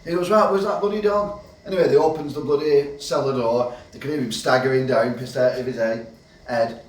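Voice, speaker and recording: A man telling a long pub joke in a lively way, swearing casually as he goes. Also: medium pitch, fairly quick. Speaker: joke teller. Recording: roomy, distant mic, faint ambience.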